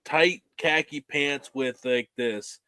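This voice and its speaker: A man's voice: mid-range voice, slow pace, bright, forceful tone, clean tone, no room sound. A man, co-hosting a podcast, telling a story in casual chat and acting out the voices he quotes. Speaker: podcast co-host.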